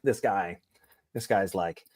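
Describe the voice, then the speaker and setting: A man with a fairly low voice tells stories as a podcast guest. His talk is loose and full of swearing. He keeps slipping into quick impressions of the people in his anecdotes. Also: a little mellow. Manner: profane, rambling anecdotes with acted quotes. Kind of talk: casual storytelling.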